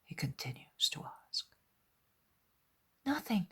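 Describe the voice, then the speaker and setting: A woman reader narrating a devotional audiobook in a soft, measured unvoiced whisper. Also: low voice, level tone, husky.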